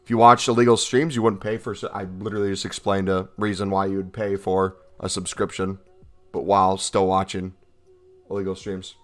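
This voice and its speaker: A young US streamer reads out his chat and replies with jokes in a casual livestream, soft music running underneath. His low voice is flat in delivery and a little fast.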